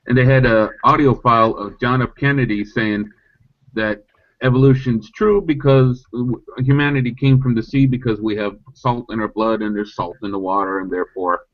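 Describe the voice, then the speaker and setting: A man talks casually on a podcast call, animated and often mocking the other side. His voice sits in a middle pitch range. The audio is somewhat dull and lo-fi. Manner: animated, mocks opponents in high squeaky voices. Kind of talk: casual chat.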